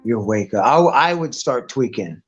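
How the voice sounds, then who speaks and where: A man's voice: on the low side, animated, moderate pace. A man chats loosely on a live stream, cussing nearly every sentence as he rambles from one thought to the next. The audio is dull and lo-fi, with faint music playing underneath. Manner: profane, rambling, swears constantly. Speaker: guest on a live stream chat. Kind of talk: casual rambling chat.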